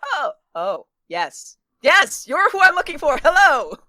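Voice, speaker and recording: A woman's voice: on the high side, lively intonation, moderate pace, bright, forceful tone, no room sound, studio quality, voice pushed up. A woman playing a frantic, scatterbrained adventurer who mutters flustered remarks to themselves.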